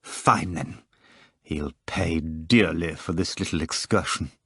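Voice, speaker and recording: A man voicing a grim, stern male theatre director who speaks quietly and curtly. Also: a bass voice, slow pace, slightly rough, no room sound, clean studio sound, pitched below the performer's own voice, full character voice.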